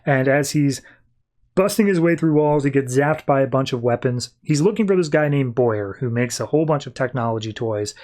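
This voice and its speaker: A man's voice: mid-range voice, expressive, normal speed, a little mellow. Chatty man recapping comics. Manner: chatty, retells scenes. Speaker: podcast host. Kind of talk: casual comic book recap.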